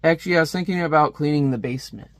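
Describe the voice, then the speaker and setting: A man voicing a sullen, weary young hero in a flat manner. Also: on the high side, rapid-fire, no room sound, lightly acted.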